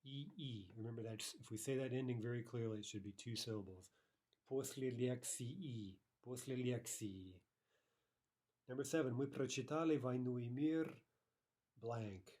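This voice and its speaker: A man teaching a recorded language lesson, explaining grammar step by step, checking in with "right?" and repeating example phrases slowly and carefully. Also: medium pitch, warm tone. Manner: explanatory, frequent "right?" checks, slow careful Russian repetitions.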